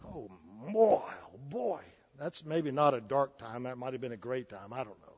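A man's voice: mid-range voice, expressive, normal speed, darkish tone, husky, lo-fi sound. A man in his sixties delivering a folksy, joking sermon, often restarting his sentences. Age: 60s. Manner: folksy, jokey, with frequent restarts. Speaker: preacher.

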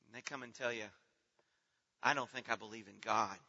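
A middle-aged man preaching a sermon as pastor, earnest, moving between hushed, slow passages and loud, pleading ones. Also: mid-range voice, steady tone, vocal fry, breathy edge. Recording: dull sound with long hall reverb.

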